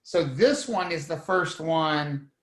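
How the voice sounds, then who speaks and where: A man's voice: on the high side, takes it slowly, echoey room, poor audio. A man teaching a real estate class, quizzing students and acting out courtroom scenes. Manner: lively, asks the class questions, acts out scenes. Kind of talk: live online class lecture.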